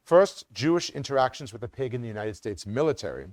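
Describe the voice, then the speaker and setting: A man's voice: mid-range voice, very animated, quick pace, darkish tone, no room sound. A middle-aged man giving a community lecture as an academic, speaking with occasional ums and restarts. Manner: reads quotes with sing-song emphasis, some restarts and ums.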